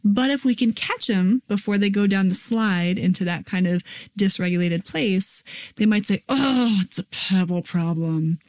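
A woman's voice: mid-range voice, steady tone, a little mellow. A woman in her thirties hosting a parenting podcast in a casual, chatty way, acting out children's lines. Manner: quick, chatty, acts out kids' lines.

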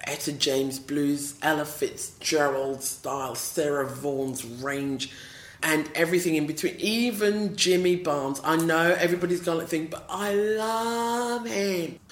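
A woman with a deep voice and a Southern English accent, chatting playfully as a singer being interviewed. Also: moderate pace, roomy sound. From South East London, England. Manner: chatty and playful, laughs often. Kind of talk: casual interview chat.

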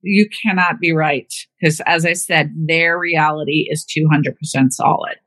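A woman with a slightly husky voice tells stories about caring for her mother in a loose, conversational way. She acts out the voices of the people she quotes, and the recording is close and dry. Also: deep voice, steady tone, moderate pace, a bit bright, dry recording. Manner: chatty storytelling, acting out quoted voices. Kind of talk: casual conversation.

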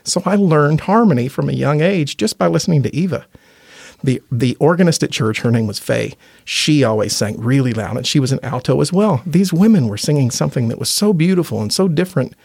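A man's voice: a little high, animated, brisk, vocal fry, a little mellow, husky, dry recording. A man from Indiana, a gospel quartet tenor, telling earnest, chatty stories as a podcast guest and laughing easily. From Indiana, USA. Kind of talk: casual interview storytelling.

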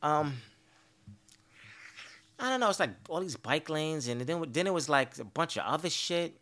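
A man's voice: on the high side, moderate pace. A man hosting a podcast, telling stories in a casual, profane, exasperated rant. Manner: profane, animated storytelling; petty, exasperated complaining. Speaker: podcast host. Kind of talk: casual ranting monologue.

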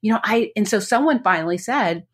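A woman's voice: mid-range voice, animated, brisk, slightly rough. A woman co-hosting a podcast in casual chat, talking eagerly and rambling with lots of fillers. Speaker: podcast co-host.

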